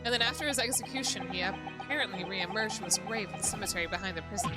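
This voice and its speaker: A woman's voice: mid-range voice, fast, hardly any pauses. Chatty swearing woman streamer. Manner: chatty, swearing, reads game text aloud. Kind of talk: casual game stream commentary. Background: background music.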